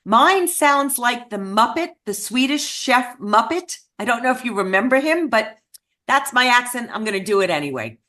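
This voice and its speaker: A woman's voice: a little high, normal speed. Earnest woman telling a story. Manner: earnest, self-deprecating, lively storyteller. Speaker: speaker at a memorial event. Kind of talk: storytelling talk.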